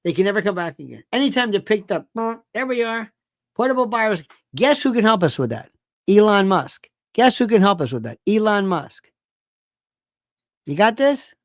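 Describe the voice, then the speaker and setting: A man's voice: high voice, big pitch swings, normal speed, no echo. Middle-aged guy ranting on his talk show, repeats himself a lot, sarcastic, dry close sound. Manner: emphatic, repetitive, sarcastic. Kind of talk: ranting political commentary.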